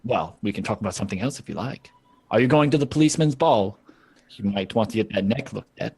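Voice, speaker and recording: A man's voice: on the low side, animated, fast, a little mellow, slightly rough. A man putting on a sly woman racer. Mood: coy. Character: smooth-talking woman racer, coy and probing.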